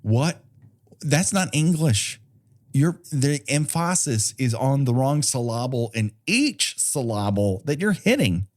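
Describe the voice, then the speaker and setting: A man's voice: mid-range voice, sing-song, unhurried. A man co-hosting a comedy film podcast, talking casually with sarcastic asides and a lot of swearing. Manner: sarcastic, swears freely, riffs in silly put-on quotes. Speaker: podcast co-host.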